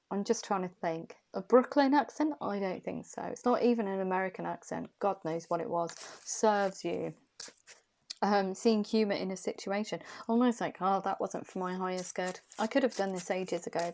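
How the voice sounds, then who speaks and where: Woman, tarot reader, chatty, musing, mellow tone, mid pitch. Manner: musing, chatty, thinks aloud and repeats questions to the cards. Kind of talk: casual spoken tarot reading.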